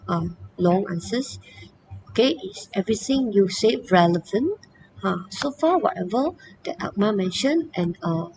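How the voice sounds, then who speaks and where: A woman's voice: mid-range voice, a little mellow, a little hiss or hum, poor audio. A woman, a teacher giving an online lesson, who keeps saying "okay" and "all right" and calls herself "teacher". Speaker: English teacher.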